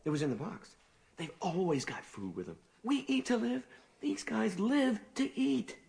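A man voicing a sly, fast-talking male raccoon in an animated film, delivering mocking tour-guide patter. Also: high-pitched, gravelly, heavily acted. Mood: scheming. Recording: film audio with loud score behind.

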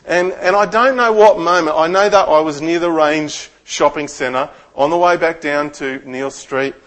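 Australian man, middle-aged, pastor, sermon, conversational, storytelling, slightly higher pitch. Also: normal speed, a bit bright. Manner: storytelling, conversational, asks the congregation questions.

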